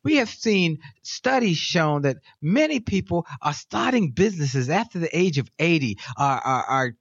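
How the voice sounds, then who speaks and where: A man's voice: on the high side, moderate pace, no room sound, muffled recording. A man speaking as an interview guest, telling stories in an emphatic, motivational, preacherly way. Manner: lively, emphatic, exhorting.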